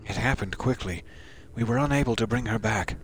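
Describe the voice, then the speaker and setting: A man voicing a sinister male doctor who speaks in a soft, measured, falsely consoling tone. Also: medium pitch, a little hiss or hum, natural voice.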